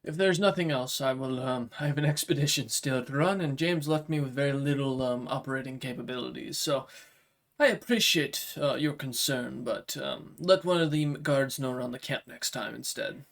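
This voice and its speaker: A man's voice: medium pitch, moderate pace, creaky, natural voice. A man voicing a weary male expedition leader who speaks in a practical, mildly exasperated way. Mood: dismissive.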